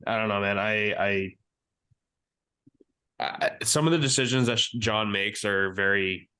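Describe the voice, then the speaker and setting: A man's voice: fairly low pitch, unhurried, bright, forceful tone, smooth. A man co-hosting a podcast, talking sports in a casual chat with heated, profane rants. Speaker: podcast co-host.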